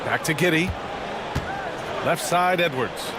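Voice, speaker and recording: A man calling basketball play-by-play in a video game broadcast, energetic and rising on big plays. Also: fairly high pitch, slow, heavy background noise. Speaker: play-by-play announcer. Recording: game broadcast audio over loud music.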